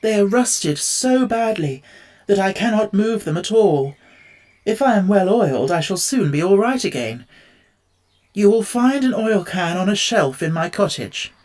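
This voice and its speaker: Man voicing a tin woodman, polite, sad, slow, raised voice. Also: sits high, very animated, a little mellow, voice pushed up. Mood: pleading.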